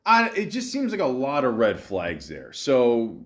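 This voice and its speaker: A man hosting a podcast, ranting bluntly in casual commentary, swearing and stopping often to fill pauses. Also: mid-range voice, huge pitch swings. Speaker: podcast host.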